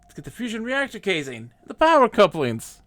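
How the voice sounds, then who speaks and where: A man's voice: high-pitched, huge pitch swings, fairly quick, fairly bright tone. A man streaming a game live, chatting casually and reading the game text aloud. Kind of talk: casual gameplay commentary.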